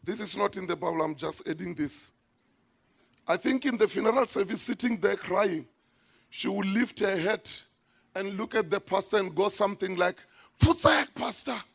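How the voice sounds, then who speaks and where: A man preaching a sermon as a pastor in a church, emphatic, with sudden shouted lines. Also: high-pitched, moderate pace, gravelly.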